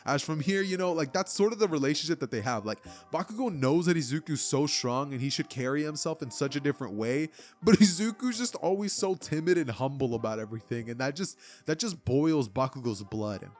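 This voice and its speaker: Casual male storyteller, rambling and filler-heavy, slightly high voice. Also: lively intonation, brisk, faint music behind. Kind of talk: casual fan-story narration.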